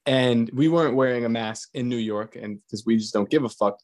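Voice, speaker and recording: A man's voice: medium pitch, a little fast, darkish tone. A man hosting a podcast, telling stories in a casual, crude way and laughing often. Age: adult with young kids. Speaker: podcast host. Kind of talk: casual chat.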